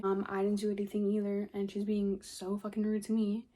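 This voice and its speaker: A woman's voice: medium pitch, monotone, a little fast, few pauses, warm tone. A young woman telling a story casually, exasperated, swearing a lot and saying "like" constantly. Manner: profane, filler-heavy, exasperated. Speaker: vlogger.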